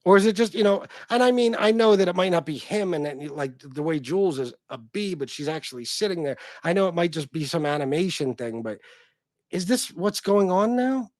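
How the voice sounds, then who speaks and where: A man's voice: high-pitched, lively intonation, brisk, a little mellow, no echo. A man hosting a livestream, reacting in a casual, profane, incredulous and exasperated way. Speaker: livestream host.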